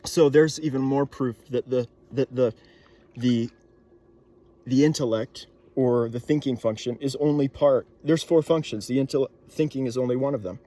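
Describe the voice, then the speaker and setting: A young man muses out loud in a relaxed monologue, his medium-pitched voice warm. He often pauses with fillers and starts his sentences over.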